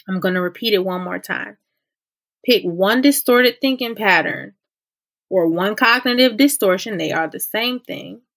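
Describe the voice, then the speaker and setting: A woman hosts a faith-based self-help podcast in a relaxed, conversational voice. She is encouraging and likes to repeat her main points so listeners can follow along. Her pitch sits in an ordinary middle range. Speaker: podcast host.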